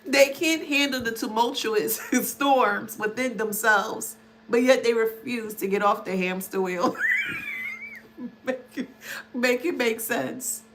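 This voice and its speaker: A woman's voice: a little high, slow, long pauses, a bit bright, a little hiss or hum. A woman giving a casual spiritual card reading on video, laughing often and affectionately calling the listener "baby". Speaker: spiritual tarot reader.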